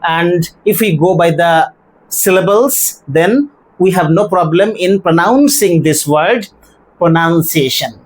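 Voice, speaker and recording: An English teacher giving a grammar and pronunciation lesson, speaking deliberately and spelling words out letter by letter. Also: medium pitch, poor audio.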